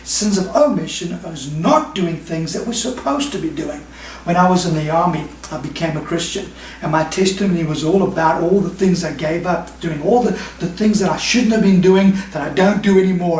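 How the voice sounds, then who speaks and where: Emphatic pastor preaching in an echoey hall. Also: male voice, sits high, a little mellow, a little hiss or hum. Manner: emphatic preaching, quick bursts and slow stressed phrases. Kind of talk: sermon. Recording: echoey room, mic at a distance.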